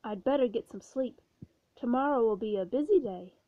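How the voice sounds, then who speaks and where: A woman voicing a calm, cheerful male panther who stays polite and unbothered. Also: fairly high pitch, normal speed, no echo, natural voice. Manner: unflappable and polite. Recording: dull, dry recording.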